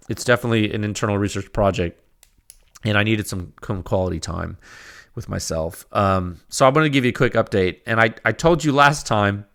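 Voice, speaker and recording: A man hosting a casual solo podcast, rambling and animated, with frequent restarts, laughs and acted-out quoted exchanges. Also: on the low side, gravelly. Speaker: podcast host.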